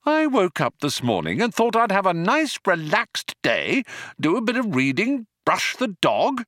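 A man's voice: a little high, very animated, measured pace, bright, forceful tone, no echo, studio quality, pitched above the performer's own voice, heavily acted. A man voicing a flustered, anxious young man who sounds indignant and nervous. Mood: exasperated.

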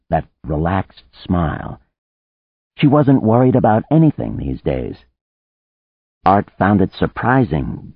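A man narrating a science fiction audiobook in a steady storytelling manner. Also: low-pitched, husky, dry recording. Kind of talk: scripted narration. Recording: narrow phone-like band, dry.

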